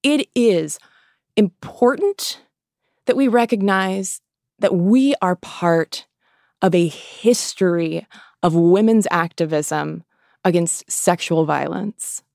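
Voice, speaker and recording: A woman hosting a podcast, giving an impassioned and sarcastic pep talk, swearing freely and pausing often between phrases. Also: fairly low pitch, gravelly, a little mellow, no echo, studio quality. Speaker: podcast host.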